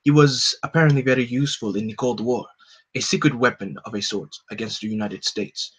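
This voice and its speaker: A scheming older general speaks in a calm, measured, lowered tone, read by a man in his own normal voice. The reading is unhurried and plain, with no put-on accent. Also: slightly rough, close to an everyday voice, rough recording. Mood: cold. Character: scheming older male general, cold and calculating. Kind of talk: comic book live read.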